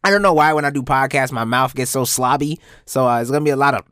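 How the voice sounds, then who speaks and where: A young man hosting his own podcast, telling a story in a casual, profane way and jumping into high-pitched bits. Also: fast talker, fairly bright tone, clean tone, dry recording, studio quality. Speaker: podcast host.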